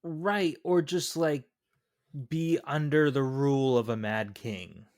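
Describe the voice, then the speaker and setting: A man's voice: medium pitch, takes it slowly, darkish tone, no room sound, studio quality. A man co-hosting a casual podcast who questions and picks apart plot holes. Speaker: podcast co-host. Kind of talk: casual chat.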